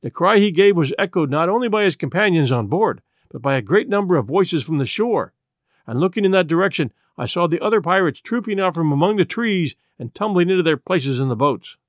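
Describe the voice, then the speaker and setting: Male audiobook narrator, measured and even, light-pitched voice, dry close sound. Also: no echo. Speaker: audiobook reader. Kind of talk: scripted narration.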